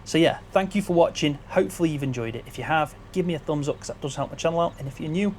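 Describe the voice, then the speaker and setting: A man's voice: on the high side, racing, a little hiss or hum. Chatty man on a headset. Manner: chatty, grateful, loose, with restarts. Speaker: gaming video creator. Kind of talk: casual behind-the-scenes talk.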